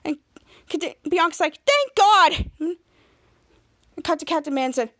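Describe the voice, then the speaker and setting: Female podcast host with a high voice, chatty scene-by-scene TV recap. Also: steady tone, a little slow. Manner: retells scenes line by line, quoting the characters. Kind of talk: casual TV episode recap.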